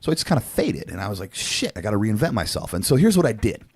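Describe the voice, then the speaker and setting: Male podcast co-host, 40s, low-pitched, animated swearing storyteller, very dry recording. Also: quick pace, breathy edge, no echo. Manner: animated, profane, frequent fillers. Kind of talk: casual storytelling.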